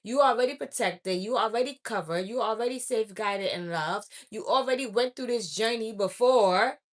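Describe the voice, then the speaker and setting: Brisk and on the high side, a woman oracle reader speaks straight to her viewers with a spiritual message. Her tone is preachy and blunt as she scolds them and repeats her points.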